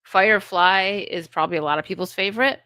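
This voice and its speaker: A woman's voice: mid-range voice, quick pace, pushed and bright, clear, resonant tone, dry recording. A woman hosting a casual solo video chat, rambling and chatty with frequent laughs. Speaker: host.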